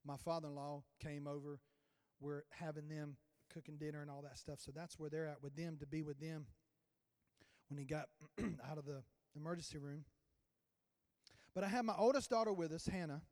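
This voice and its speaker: A man preaching a sermon as a pastor, telling a story with sudden swings in loudness. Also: on the high side, fairly even intonation, moderate pace. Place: church sanctuary. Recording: long church reverb.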